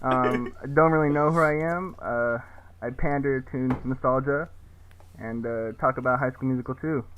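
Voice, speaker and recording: A man guesting on a podcast, talking in a hesitant, deadpan way with lots of fillers about his video essays. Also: moderate pace, crowd noise. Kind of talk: casual podcast chat. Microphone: cheap low-quality mic. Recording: tinny phone-like low-quality mic.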